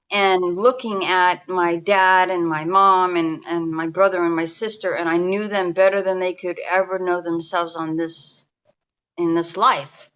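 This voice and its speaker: Bright-voiced New woman in her fifties. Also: lowish voice, lo-fi sound. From New York. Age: 50s. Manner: rambling, restarts often, speaks in a confiding way. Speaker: guest energy healer. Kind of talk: casual storytelling interview. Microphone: remote call.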